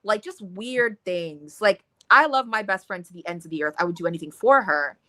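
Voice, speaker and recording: A woman co-hosting a casual book discussion, talking in an animated way, swearing freely and acting out scenes in quotes. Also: mid-range voice, moderate pace, dry recording. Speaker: book club co-host.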